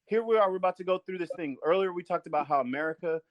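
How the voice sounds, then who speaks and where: A man's voice: sits high, racing, no room sound, muffled recording. A man hosting a podcast in casual discussion, earnest and building his points through repetition. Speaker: podcast host.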